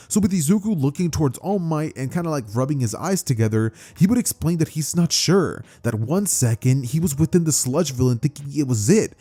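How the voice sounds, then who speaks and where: A man's voice: fairly high pitch, warm tone, husky. A man telling a fan-made story in a casual, rambling, conversational way, with plenty of fillers.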